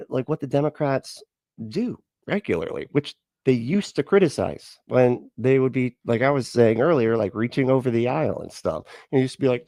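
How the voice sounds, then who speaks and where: A man's voice: mid-range voice, gravelly, mellow, dry recording, studio quality. Man rambling through casual reaction commentary. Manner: rambling, laughs often, many fillers. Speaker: reaction channel host.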